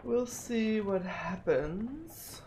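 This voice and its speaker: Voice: medium pitch, expressive, drawn-out words, a little mellow, slight background noise. A streamer thinking aloud while playing a mystery game, musing and often repeating themselves while puzzling things out. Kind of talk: casual think-aloud gameplay commentary.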